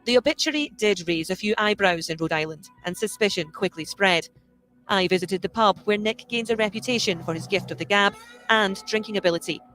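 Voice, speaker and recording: A documentary narrator reading a scripted report in a measured tone. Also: medium pitch, pushed and bright, soft background music.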